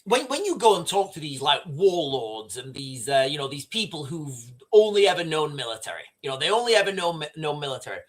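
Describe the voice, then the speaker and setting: A man's voice: a little high, big pitch swings, fairly quick. A man hosting a casual livestream, rambling and repeating himself as he reads out viewer comments. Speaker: livestream host.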